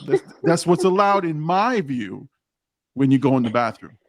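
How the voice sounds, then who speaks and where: A man co-hosting a casual podcast, telling animated stories full of quoted dialogue, with frequent restarts. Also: a little high, moderate pace. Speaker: podcast co-host, HR professional. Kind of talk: casual chat.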